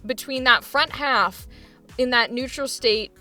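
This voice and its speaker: Woman, acting coach, high bright voice, upbeat and laughing, faint music under her. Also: measured pace. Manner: enthusiastic, laughs often, encouraging. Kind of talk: coaching feedback chat.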